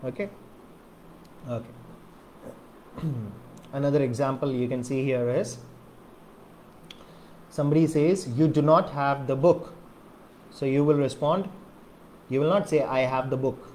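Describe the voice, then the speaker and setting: A man's voice: medium pitch, measured pace, long pauses, darkish tone, slight background noise. Man teaching grammar, lots of okays. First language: Malayalam. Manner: explains with repeated okays and rhetorical questions. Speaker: English teacher. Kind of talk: grammar lesson to camera.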